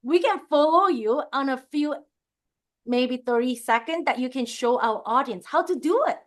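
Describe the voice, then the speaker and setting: A woman with a high voice hosts an interview. She asks questions casually and curiously and often laughs. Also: animated, moderate pace. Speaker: host.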